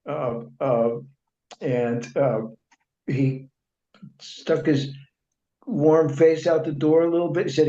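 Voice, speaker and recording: A man with a fairly high, mellow voice tells long stories as an interview guest. He restarts his sentences, fills the gaps with "uh", and slips into quoting other people. The sound is dull and lo-fi, in a roomy, echoing space. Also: measured pace. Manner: rambling anecdotes with frequent restarts and fillers; acts out other people's remarks in quoted speech. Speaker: interview guest, writer and journalist. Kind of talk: conversational storytelling in an interview. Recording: echoey room, dull lo-fi sound.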